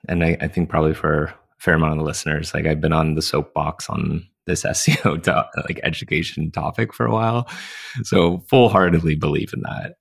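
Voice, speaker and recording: A man with a very low, gravelly voice hosts a podcast. He asks long, meandering questions in a relaxed way, full of fillers. His voice has a rough fry at the bottom. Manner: casual, rambling questions with many fillers. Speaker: podcast host. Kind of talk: podcast conversation.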